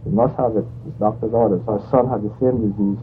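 A man's voice: fairly low pitch, steady tone, fast talker, faint music behind. A man telling a long anecdote in a rambling, conversational way, correcting himself as he goes. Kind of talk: anecdotal storytelling. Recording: tinny phone-like line, faint hiss.

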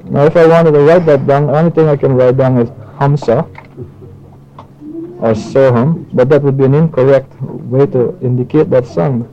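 A man giving an informal spiritual lecture and taking questions, talking in a halting way with many restarts and fillers. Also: medium pitch, steady tone, warm tone, dull audio, a little hiss or hum. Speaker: spiritual teacher.

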